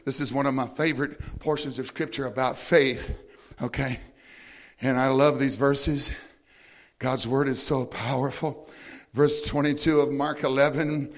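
A man preaching a sermon, swinging between shouted sing-song praise and slow, deliberate scripture reading. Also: steady tone. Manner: builds to shouted, sing-song praise then drops to a low teaching tone; reads scripture slowly and deliberately. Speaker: pastor.

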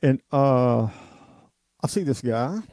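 Gravelly radio host guy, dark voice, dry close sound, rambling rant. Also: mid-range voice, animated, slow pace, no echo. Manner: rambling, emphatic ranting. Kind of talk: off-the-cuff radio monologue.

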